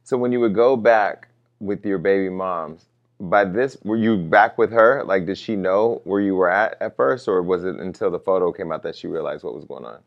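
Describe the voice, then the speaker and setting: Low-voiced male host asking blunt questions. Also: moderate pace, gravelly. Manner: direct, probing questioner. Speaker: interview host. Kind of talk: probing interview questions. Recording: dull lo-fi sound.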